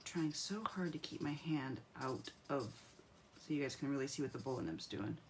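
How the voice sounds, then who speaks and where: A woman's voice: rumbling low, expressive, moderate pace, background noise. A woman hosting a live craft tutorial, chatting to viewers as she colors and muttering to herself as she picks pens. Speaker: craft demonstrator.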